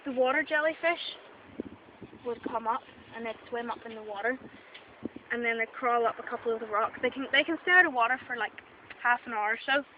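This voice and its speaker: A woman's voice: fairly high pitch, a little fast. A Northern Irish woman playing a mock expert, rambling playfully and tagging "right?" onto her points. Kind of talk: improvised mock documentary. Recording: dull lo-fi camera audio with loud background noise.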